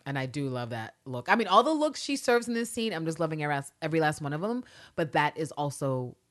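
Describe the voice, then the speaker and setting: Animated, profane woman recapping a show. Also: low-pitched, fast. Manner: animated, profane, acts out quotes. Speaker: podcast co-host. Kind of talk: casual TV recap chat.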